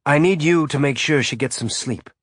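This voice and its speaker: A man's voice: fairly high pitch, normal speed, no echo, clean studio sound, voice pushed up, lightly acted. A man voicing a grieving father who holds back tears, forcing a light, cheerful tone through a thick throat. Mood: choked, tender. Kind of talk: audiobook character voice.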